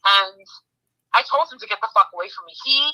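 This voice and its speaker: A woman guest telling a story in a casual chat, blunt and excitable, swearing freely. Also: mid-range voice, a little fast, poor audio. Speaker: guest recounting a visit.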